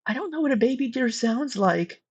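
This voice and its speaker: A woman's voice: on the high side, animated, fairly quick, a little mellow, husky. A woman streamer in casual live chat with friends, who keeps breaking into laughter. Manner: giggly, breaks into frequent laughter. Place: indoor room with neighbors next door. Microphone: earbuds with a computer mic. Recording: slightly dull lo-fi stream audio.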